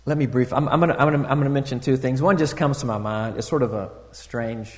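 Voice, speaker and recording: A man preaching in a church, his voice carrying a long reverb through the hall. He talks like he is chatting with his congregation, with plenty of ums and restarts. He swings from soft, low asides to loud, high bursts of emphasis. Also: quick pace. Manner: conversational preaching with fillers and restarts. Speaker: pastor. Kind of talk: sermon.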